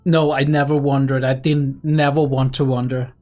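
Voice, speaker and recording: A man's voice: mid-range voice, level tone, moderate pace, darkish tone. A young man hosting a reaction video, talking casually and rambling with lots of fillers and chuckles. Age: young adult.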